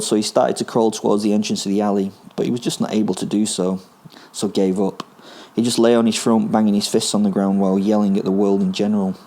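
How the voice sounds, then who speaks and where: A man's voice: fairly low pitch, mellow. A man reading his own first-person story, gleefully menacing and darkly amused.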